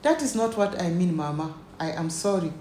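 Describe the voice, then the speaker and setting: Steady heiress, measured and icy, put on by a woman narrator; room echo. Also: on the low side, slight background noise, natural voice. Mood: apologetic. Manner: firm, measured, cool. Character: wealthy young Nigerian woman, calm and firm.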